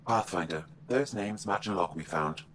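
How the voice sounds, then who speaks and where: An actor voicing a crew member giving a matter-of-fact report. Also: male voice, low voice, normal speed, fairly bright tone, slight background noise.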